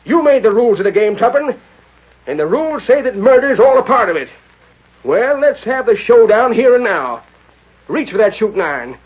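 A blustering old stage line owner in a vintage radio western, with a high, swooping, husky voice. His rustic drawl carries through a dull, lo-fi broadcast sound. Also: sing-song, normal speed, heavily acted. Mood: furious. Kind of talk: 1930s radio drama acting.

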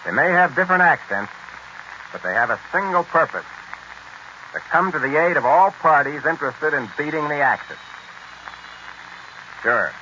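A man narrating in a brisk, explanatory way, in a 1940s radio documentary. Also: a little high, expressive, sharp tone, a little hiss or hum. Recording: dull lo-fi 1940s radio recording.

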